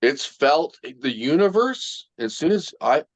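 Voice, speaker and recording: A man's voice: a little high, very animated, unhurried, no room sound. A man in casual podcast talk, rambling earnestly with lots of filler words. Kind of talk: casual chat. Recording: dull, lo-fi dry sound.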